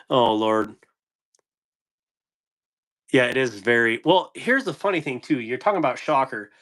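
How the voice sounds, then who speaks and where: A man's voice: medium pitch, expressive, a little slow, pauses often, fairly bright tone. A man hosting a casual live stream about knives, rambling, chuckling often and answering viewers' chat. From United States. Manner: laughing, rambling, reading chat. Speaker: knife channel host on a live stream.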